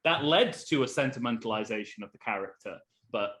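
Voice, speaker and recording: Halting man trailing off on a podcast. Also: medium pitch, lively intonation. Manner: halting, many restarts, trails off quietly. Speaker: podcast co-host. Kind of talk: casual film discussion.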